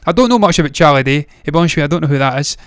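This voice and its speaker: Male movie-news host, fairly high voice, smooth and dry; swears freely and rambles off on tangents. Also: expressive, very fast, no echo. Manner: blunt, profane, rambling with tangents. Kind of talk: casual solo commentary.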